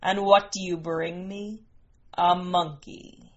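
A woman voicing a fierce, regal priestess queen who is maternal to her daughter, speaking low and slowly. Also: fairly even intonation, highs cut off. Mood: haughty.

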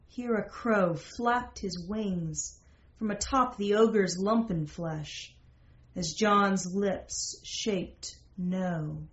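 Slow, measured woman storyteller. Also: mid-range voice. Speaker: story narrator. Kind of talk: scripted narration of a fantasy romance. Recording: roomy, slightly dull recording.

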